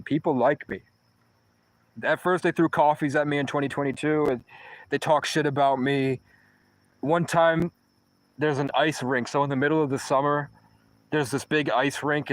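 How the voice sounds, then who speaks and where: A man's voice: mid-range voice, dry recording, low-quality recording. Rambling young man telling his story. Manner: rambling, profane, restarts mid-sentence. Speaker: vlogger. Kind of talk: casual storytelling monologue.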